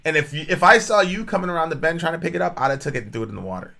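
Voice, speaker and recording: A man's voice: a little high, animated, very fast, gravelly, bright, forceful tone. A man co-hosting a podcast, telling family stories in casual banter and teasing his partner in an argumentative way. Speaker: podcast co-host.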